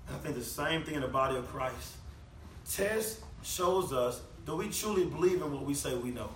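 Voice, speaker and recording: A high-voiced man preaches a conversational sermon, leaning on rhetorical questions. His tone is bright and ringing. He sounds set back from the mic in an echoey room with faint background hum. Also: animated, normal speed, recorded from a distance. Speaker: pastor.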